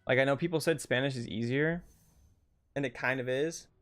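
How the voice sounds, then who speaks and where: A young male streamer talks casually while he plays, trading remarks with his viewers. His voice sits at an ordinary middle pitch, and his speech is loose and full of fillers. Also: fairly quick, a bit bright, faint music behind. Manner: chatty, answers viewers' questions between rounds with many fillers. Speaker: game streamer. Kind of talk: casual live-stream chat while gaming.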